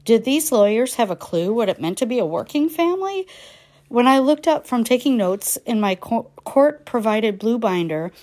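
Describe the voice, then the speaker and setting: A woman's voice: medium pitch, darkish tone. A woman, a writer, reading her personal essay aloud in a wry, plain manner.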